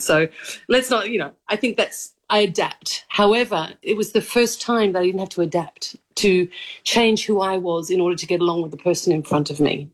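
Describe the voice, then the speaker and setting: Effusive laughing Australian woman. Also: fairly low pitch. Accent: mild Australian, mixed from living abroad. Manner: effusive, laughs often, animated storytelling. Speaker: actress, interview guest. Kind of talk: casual interview chat.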